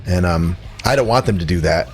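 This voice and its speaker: A man's voice: deep voice, a little fast, soft background music. Rambling, jokey male podcast host. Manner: rambling, jokey and animated, laughing at his own lines. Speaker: podcast co-host reviewing records. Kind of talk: casual chat.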